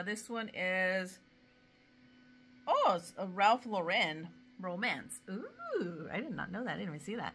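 Chatty, very bright-voiced woman vlogger. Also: mid-range voice, a little hiss or hum. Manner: chatty, gushing, defensive rants. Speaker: vlogger showing thrift finds. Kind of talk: casual vlog chat.

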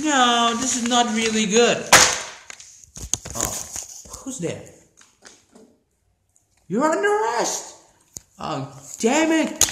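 A man acting in a homemade film who yells in a panic with high-strung outbursts. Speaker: amateur filmmaker acting in his own film. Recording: echoey room with loud noise.

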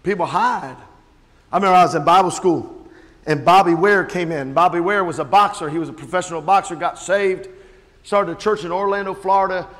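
Male pastor, high tenor, sermon storyteller, recorded with a long hall echo. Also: a little fast. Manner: storytelling preacher who shouts out quoted voices. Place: church sanctuary. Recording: long reverb of a large hall.

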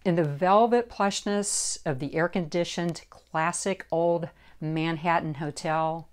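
A woman reads her own book aloud in a measured, deliberate narration. Her voice sits on the low side, and she moves through the text at an unhurried, drawn-out pace. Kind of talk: audiobook narration.

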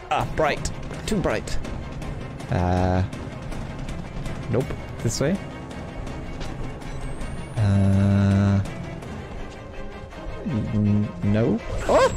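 A man playing a horror game and commenting, joking, yelping and talking to the characters. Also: mid-range voice. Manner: jokey, yelps and talks to game characters. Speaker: let's play gamer. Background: game music.

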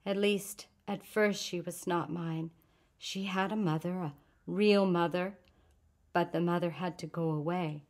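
A woman reading as a grieving, soft-spoken refugee woman. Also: fairly low pitch, fairly even intonation, unhurried. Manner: soft, hushed, controlled grief. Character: grieving adult refugee woman, gentle and bitter.

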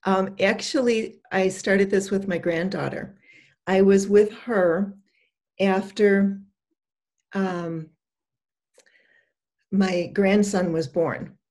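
An older woman, an empowerment coach, speaking in a gentle, conversational, encouraging way. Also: medium pitch, fairly even intonation, takes it slowly, pauses often. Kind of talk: casual advice talk.

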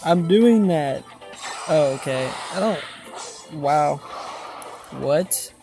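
Young male gaming host, laid-back and excitable, game music underneath. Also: a little high, drawn-out words, vocal fry. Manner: excited, swears casually, says "dude" a lot. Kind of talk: casual gameplay commentary.

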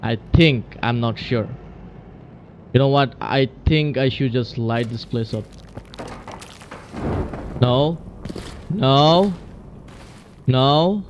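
A man's voice: mid-range voice, drawn-out words, pauses often, highs cut off, a little hiss or hum. A man hosting a let's play, jumpy and exclaiming as he talks to himself through a horror game. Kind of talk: gaming commentary.

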